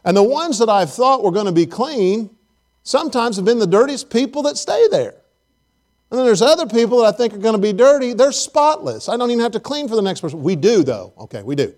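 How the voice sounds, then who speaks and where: A male pastor delivering a casual, storytelling sermon in a slightly high voice. He jokes, asks the congregation questions and keeps things friendly and loose. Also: sing-song, a little fast, darkish tone. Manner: conversational, joking, speaks straight to the congregation. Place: church service.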